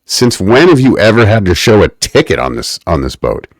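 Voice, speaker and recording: Deep-voiced man, wry podcast recap. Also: very animated, normal speed, dry recording. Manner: wry, mock-academic ranting. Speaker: podcast co-host. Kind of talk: casual podcast recap chat.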